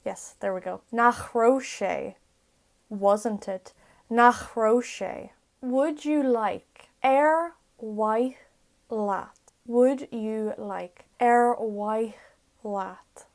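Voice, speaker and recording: A young woman, teaching everyday words in a casual vlog-style lesson, repeating each one slowly and carefully. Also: a little high, darkish tone. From Ireland. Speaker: language tutor.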